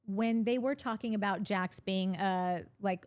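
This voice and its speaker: A woman's voice: medium pitch, fairly even intonation, a little slow, darkish tone. A woman co-hosting a podcast, chatting in a gossipy way and retelling scenes by quoting lines. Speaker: podcast co-host. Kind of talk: casual chat.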